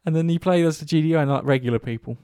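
A man's voice: a little high, rapid-fire, clear, resonant tone, dry recording, studio quality. A man chatting casually about games, rambling and swearing freely as he tells stories. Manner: rambling, swears often, animated storytelling.

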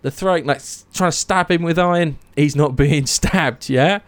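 A young man casually retelling myths, animated, swearing and acting out the characters' lines. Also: fairly high pitch, moderate pace. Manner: animated storytelling, swears, acts out quotes. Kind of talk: casual chat.

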